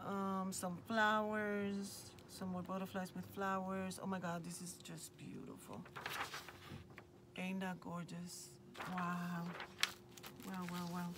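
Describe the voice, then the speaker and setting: A Puerto Rican woman hosts a craft channel, gushing enthusiastically over the supplies she unboxes. Her voice is fairly low and she takes her time, with noticeable background noise in the recording.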